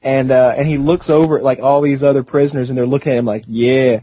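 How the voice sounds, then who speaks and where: A young man on a podcast, telling a story in a quick, chatty way. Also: mid-range voice, fairly even intonation, no echo. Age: young adult. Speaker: podcast co-host. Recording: dull lo-fi podcast audio.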